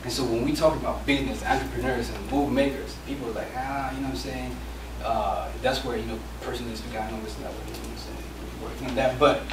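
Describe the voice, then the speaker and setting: A man's voice: medium pitch, steady tone, quick pace, hardly any pauses. A young adult man, a podcast co-host, giving a casual live speech with loose filler phrases. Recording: echoey room, far from mic, noisy.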